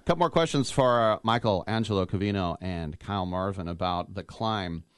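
A man's voice: low-pitched, normal speed, smooth, no echo, studio quality. A man hosting a radio talk show, chatting casually with guests and dropping trivia and wordplay. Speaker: sports radio host.

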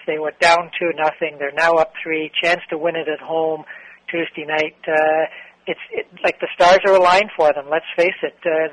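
A man on a sports talk show, giving a measured and reflective take with frequent fillers. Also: fairly high pitch, a bit bright, dry recording, poor audio.

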